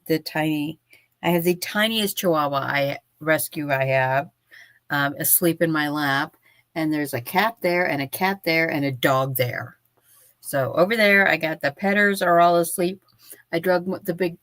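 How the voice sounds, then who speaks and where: Slow-talking sleepy woman host. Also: fairly low pitch, a bit bright, no echo. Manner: sleepy, yawning, rambling. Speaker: livestream host. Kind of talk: casual livestream chat. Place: home office with pets.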